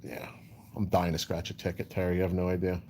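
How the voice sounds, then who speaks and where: A livestream host rambles to his chat, answering comments one by one and repeating "you know" a lot. His voice is low, dark and monotone, with little rise and fall, and he talks fast. A faint hum sits in the background.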